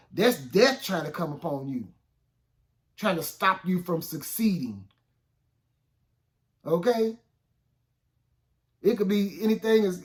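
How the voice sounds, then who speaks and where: A man delivers a casual, talk-style sermon in a notably high-pitched voice. He speaks plainly and directly to his listeners, repeating little check-ins as he makes his points. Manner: conversational, repeats "okay?" and "guess what?". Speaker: minister. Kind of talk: informal spoken sermon.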